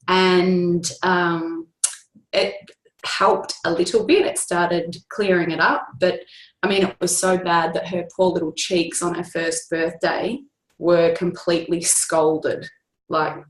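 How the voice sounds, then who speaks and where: A woman with a lowish voice tells her family story in an earnest, steady way. Her voice echoes around the room she is calling from. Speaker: guest sharing a family story. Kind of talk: online group call testimonial.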